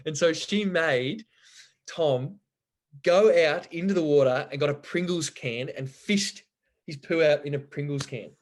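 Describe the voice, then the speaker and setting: A man's voice: fairly high pitch, moderate pace. A young man, a podcast guest telling rambling, sweary stories and laughing along as he goes. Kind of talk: casual storytelling chat.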